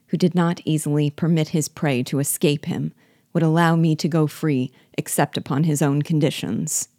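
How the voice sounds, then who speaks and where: A woman reading a classic novel aloud in a steady storytelling manner. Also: low-pitched, dry recording, clean studio sound. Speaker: audiobook reader. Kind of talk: measured literary reading.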